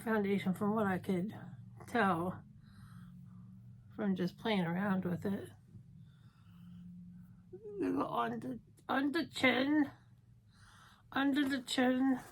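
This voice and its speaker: A woman in her fifties, a beauty vlogger, chats through her makeup tutorial, thinking out loud and making fun of herself as she works. Her voice is a little high, with slight background noise.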